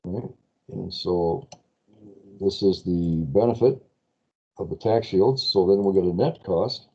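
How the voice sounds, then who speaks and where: A man with a low, mellow voice teaching finance step by step in a spreadsheet. He talks casually, asks the class questions and admits his slips as he goes. The recording sounds dull and lo-fi. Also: slow pace, slightly rough. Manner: chatty, self-correcting, asks class questions. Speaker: finance lecturer. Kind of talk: live spreadsheet lecture.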